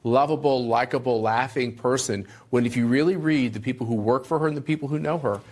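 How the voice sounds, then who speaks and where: A man's voice: medium pitch, a little fast, darkish tone. A man on a cable news panel, an opinionated commentator talking emphatically.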